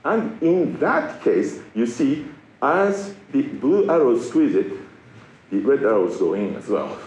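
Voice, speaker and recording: Middle-aged male lecturer from Japan, witty and animated, heard in an echoey lecture hall. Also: mid-range voice, slow, a little hiss or hum. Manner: playful, self-mocking, lively delivery. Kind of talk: public science lecture. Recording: roomy lecture hall with faint ambience.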